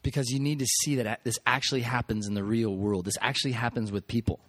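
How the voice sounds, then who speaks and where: A man's voice: mid-range voice, fairly even intonation, quick pace, fairly bright tone, no echo. A man, a pastor, speaks to his congregation in a conversational, candid way, with a few stumbles. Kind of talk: addressing a congregation.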